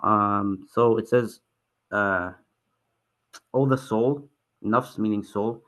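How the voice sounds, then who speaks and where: A young man teaching a Quran translation class, halting and restarting often and apologizing for stuttering. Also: lowish voice, a bit bright. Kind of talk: online Quran translation lesson.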